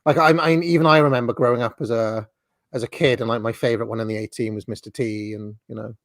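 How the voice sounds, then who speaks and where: A man in his forties hosts a relaxed chat over a video call, dry and wry, often chuckling and restarting his sentences. His voice sits mid-range and the sound is close and dead, with no room around it. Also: medium pitch, quick pace, dry recording. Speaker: host. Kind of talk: casual chat commenting on videos.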